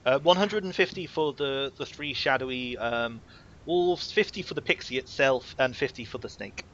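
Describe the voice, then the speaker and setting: Male game master, casual and rambling, bright voice on dull lo-fi audio. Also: medium pitch, lively intonation, normal speed. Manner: rambling, playful, many fillers. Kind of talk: running a tabletop game.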